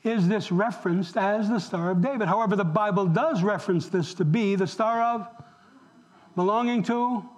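Heard through a rough recording, a man whose voice sits high delivers a sermon at normal speed. The pastor speaks animatedly straight to his congregation, asking them questions.

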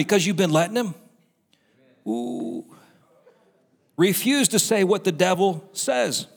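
A male pastor preaches with a high, lively voice that leaps up and down as he acts out quotes. His tone is a little husky, and it rings through a large church hall over faint music. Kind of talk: sermon. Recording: roomy hall with music behind.

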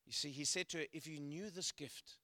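A man preaching a sermon, telling stories and swinging between loud emphatic peaks and quiet asides. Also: a little high, a little fast, no echo. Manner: storytelling, building to loud emphatic peaks then dropping quiet. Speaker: guest preacher.

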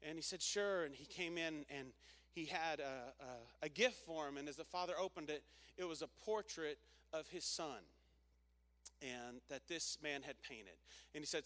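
A man's voice: fairly high pitch, moderate pace, a bit bright. A man preaching a sermon, telling a story and calling on the congregation to repeat phrases back. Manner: storytelling, call-and-response with congregation. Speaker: pastor.

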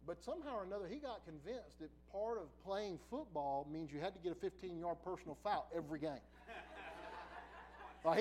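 A middle-aged man preacher telling a personal story in a sermon, laughing often and swinging from quiet asides to loud bursts. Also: high-pitched, slight background noise, low-quality recording.

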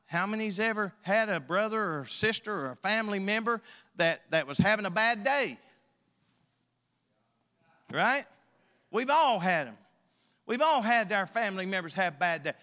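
Pastor guy preaching, folksy, big swings in loudness, long echo from the church hall. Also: high voice, normal speed. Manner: emphatic preaching, rises and drops in loudness, folksy. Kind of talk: sermon. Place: church sanctuary.

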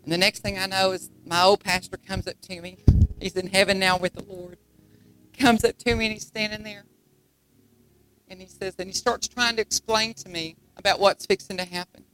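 A middle-aged woman, from Texas, telling her testimony in a sermon with shouts of praise. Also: mid-range voice, level tone, normal speed, low-quality recording. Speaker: preacher giving testimony.

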